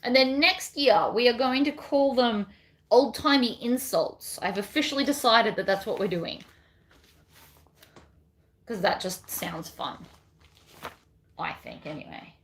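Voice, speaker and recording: A woman with a slightly high voice chats as she works at the sewing machine. Her talk is rambling and casual, as on a crafting livestream. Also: lively intonation, measured pace, pauses often, a bit bright. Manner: chatty, reads out viewer comments, rambling. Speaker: bag pattern designer.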